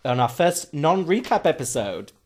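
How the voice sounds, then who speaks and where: A man's voice: a little high, sing-song, moderate pace, husky. Joking man recapping a reality show. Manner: joking, sarcastic, rambling. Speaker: podcast co-host. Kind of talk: casual recap chat.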